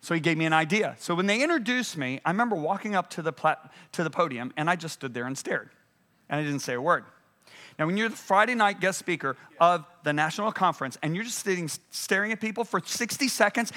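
A guest preacher, heard through a church stream, tells a story during his sermon with dramatic voiced quotes and sudden bursts of energy. His male voice sits high and sounds bright and forceful.

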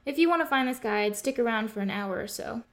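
A blunt diner waitress working the late shift, answering questions with bored sarcasm. Her voice sits a little high, and she sounds thoroughly unbothered. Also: expressive, fast, fairly bright tone. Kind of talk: game voice acting.

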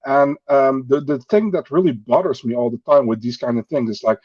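A man's voice: mid-range voice, a little fast, no room sound, dull audio. A man from the Netherlands, a native Dutch speaker, talking bluntly as a podcast guest in casual chat, with non-native phrasing and swearing.

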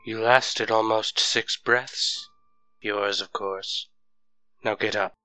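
A man's voice: on the low side, fairly even intonation, takes it slowly, pushed and bright, clear, resonant tone, soft background music, low-quality recording. An actor playing an ancient male planeswalker mentor, detached, bored and talking down to his former pupil in an audio drama. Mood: coolly stern.

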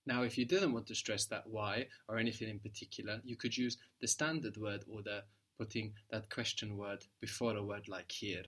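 A man's voice: fairly low pitch, steady tone, normal speed, hardly any pauses, fairly bright tone. A man teaching a language lesson, patiently prompting a learner and giving short praise.

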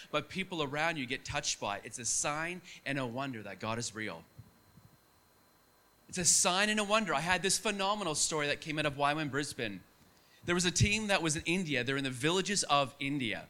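Young aussie guy preaching, chatty storyteller, bright voice on the high side. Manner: storytelling, animated and conversational. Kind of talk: sermon.

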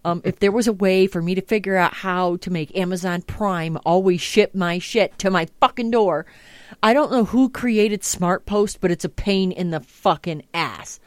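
A woman's voice: on the low side, normal speed, no room sound, studio quality. A woman hosting a podcast, chatting casually and ranting with lots of swearing. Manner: profane, ranting, exasperated. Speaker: podcast host. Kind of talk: casual chat.

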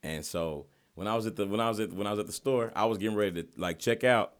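A man hosts a casual podcast chat, telling a story with animated energy and plenty of profanity. His voice sits low and his words come quickly. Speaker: podcast host.

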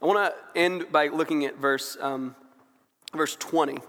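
A man's voice: fairly high pitch, steady tone, a little slow, a bit bright, big-room sound. A young man preaching a sermon in a casual, conversational way, often saying "like" and building in fervor as he goes. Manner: conversational, frequent "like" fillers, rising fervor.

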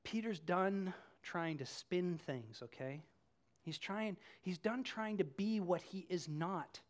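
A pastor preaching a sermon, telling the story with animated swings from hushed to loud. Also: medium pitch, slow pace.

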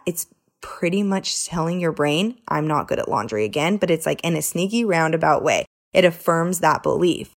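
A woman hosting her own podcast, talking casually and earnestly, filling her speech with "like" and "right?". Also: lowish voice. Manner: chatty and earnest, lots of "like" and "right?". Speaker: podcast host. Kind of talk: casual solo podcast monologue.

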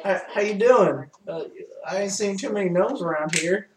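A man's voice: high-pitched, normal speed, crowd noise, natural voice. Man doing a drawling swaggering gnome. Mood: friendly. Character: swaggering male gnome adventurer. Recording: echoey room, mic far off.

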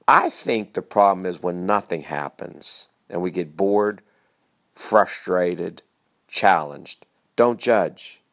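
A man's voice: sits low, fairly bright tone. A middle-aged man, hosting a motivational monologue in short, emphatic, repeated phrases. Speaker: motivational speaker and show host.

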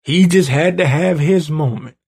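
A man rants at his audience with angry, profane energy, his voice gravelly and rough at the edges. He sits slightly higher than most men and keeps pushing into heated bursts. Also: unhurried, a little mellow. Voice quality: gravelly, husky. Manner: angry, profane, ranting, rising to heated outbursts. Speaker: show host. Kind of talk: profane political rant.

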